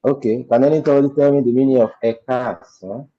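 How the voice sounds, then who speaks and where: A man teaching a language class over a video call, polite and quick to agree. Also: mid-range voice, steady tone. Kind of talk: online language lesson. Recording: muffled lo-fi video call audio.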